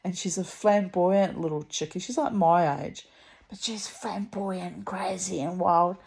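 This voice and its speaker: A woman's voice: lowish voice, fairly even intonation, unhurried, creaky, darkish tone. A woman telling a story in a chatty, rambling way, blunt and salty, with lots of asides and restarts. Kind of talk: casual storytelling monologue.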